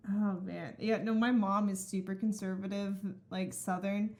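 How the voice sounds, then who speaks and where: A young woman in a casual group chat, relaxed and wry. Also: medium pitch, normal speed.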